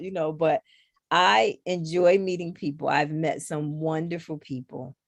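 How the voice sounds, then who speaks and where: A woman's voice: low-pitched, measured pace, dry recording, clean studio sound. A middle-aged woman, a guest on a knitting podcast, chatting casually and acting out what others said to her. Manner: animated storyteller who acts out others' lines. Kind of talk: casual conversation.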